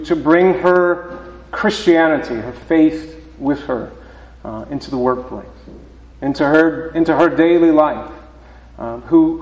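A man preaching as a pastor, reading scripture and then giving a sermon in a slow, deliberate way with halting restarts. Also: fairly high pitch, darkish tone. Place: church sanctuary. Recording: roomy church reverb, voice from a distance.

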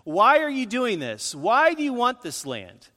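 A preacher voicing a bold biblical male warrior-leader who argues forcefully and a little mockingly. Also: extremely high pitch, wildly swooping pitch, measured pace, long reverb tail, voice pushed up, full character voice. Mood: defiant.

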